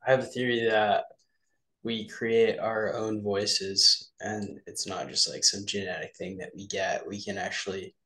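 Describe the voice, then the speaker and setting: Male podcast co-host, slightly low pitch, relaxed casual chat. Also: unhurried, gravelly.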